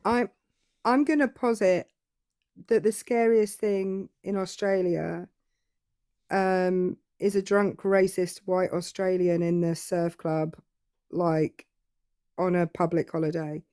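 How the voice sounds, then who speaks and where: A woman's voice: lowish voice, steady tone, slow, mellow, no room sound. A British woman co-hosting a casual live-stream chat, teasing and dry. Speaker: co-host.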